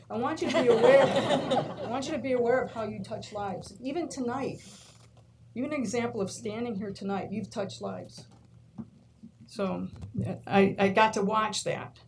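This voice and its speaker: A college instructor from New York, speaking at medium pitch, gives a speech at a board meeting in a large meeting room. She's an animated storyteller who acts out quotes and laughs often; the recording is rough with a little hiss or hum.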